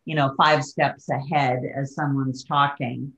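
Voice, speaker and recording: Slow, low-voiced woman host. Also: fairly even intonation, a bit bright, muffled recording. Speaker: podcast host. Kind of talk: interview hosting.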